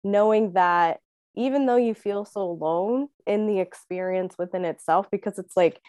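A woman's voice: medium pitch, moderate pace, warm tone, no room sound, clean studio sound. A woman in a heartfelt casual conversation who rambles with lots of "you know" fillers. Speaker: podcast guest sharing a miscarriage experience.

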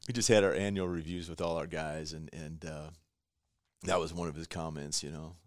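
A very deep-voiced man talking as a guest in a casual conversation, recorded in a dry space with little room sound. He speaks in a laid-back way, filling his talk with "you know" and "man". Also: fairly even intonation, moderate pace, no room sound. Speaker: guest, construction company manager.

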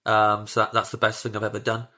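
A man's voice: lowish voice, completely flat delivery, fast, bright, forceful tone. A man, a comedian on a podcast, chatting animatedly and acting out his own thoughts as he rambles. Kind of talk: casual chat.

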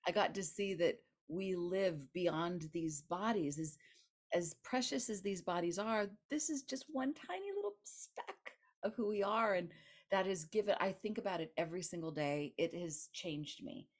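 A woman guest author in an interview, telling a personal story in an animated way, laughing and acting out the voices of others. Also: on the low side, normal speed.

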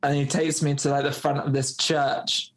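A man's voice: fairly high pitch, level tone, moderate pace. A man, a podcast guest, telling a personal story in a loose, rambling way, full of fillers and acted-out dialogue. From United Kingdom. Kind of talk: storytelling in a casual interview.

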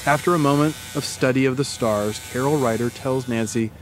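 A man's voice: mid-range voice, moderate pace, hardly any pauses, a little hiss or hum. A male podcast host telling a dramatic story to his co-host in the second person. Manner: dramatic, builds scenes.

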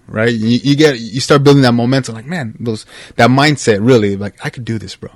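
A man's voice: mid-range voice, fast talker, dry recording, clean studio sound. A man talking as a podcast guest in a casual, upbeat chat, often calling the host "bro" and "man". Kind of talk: casual conversational interview.

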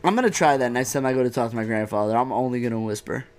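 A man's voice: medium pitch, rapid-fire. A young man chatting casually as a podcast co-host, joking and teasing and laughing often. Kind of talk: casual chat.

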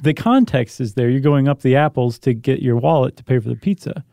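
A man with a mellow, darker voice talks through a podcast topic in easy chat. He jokes and asks rhetorical questions as he goes. The sound is close and dry, with no room around it. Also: medium pitch, fairly quick, vocal fry, no echo. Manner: jokey, animated explaining with rhetorical questions. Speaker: podcast co-host. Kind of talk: casual chat.

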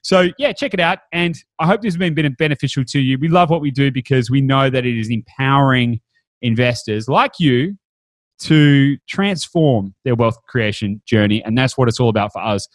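A man's voice: medium pitch, normal speed, no echo. A man hosting a podcast, chatting upbeat with fillers and restarts. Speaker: podcast host. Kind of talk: casual podcast chat.

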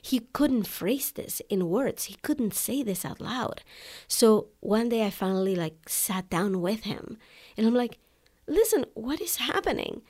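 Speaking at a measured pace in a mid-range, slightly mellow voice, a woman hosts a podcast aimed at online coaches. She chats casually with listeners about a personal story, frequently adding "you know" and "right?"

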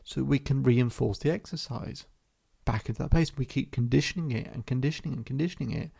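A man with a gravelly, husky voice tells a client story at an even, measured pace. He repeats phrases as he goes, like a therapist walking a listener through a session. His delivery stays calm throughout. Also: medium pitch. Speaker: hypnotherapist and podcast host. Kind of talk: storytelling podcast monologue.

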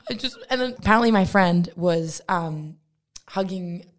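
A young woman co-hosting a podcast in a casual chat, animated and full of "like" fillers, acting out the quotes in her stories. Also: lowish voice, normal speed. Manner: chatty, lots of "like" fillers and restarts; animated storytelling, acts out quotes.

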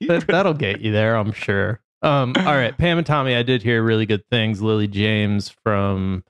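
A man's voice: lowish voice, moderate pace, smooth. A man co-hosting a podcast in casual chat, wry and hesitant with many fillers. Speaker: podcast co-host.

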